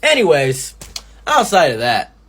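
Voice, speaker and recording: Animated young man spinning a storytime. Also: measured pace. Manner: animated, mock-grandiose storytelling with sudden high-pitched exclamations. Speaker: streamer telling a personal story. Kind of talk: storytime commentary.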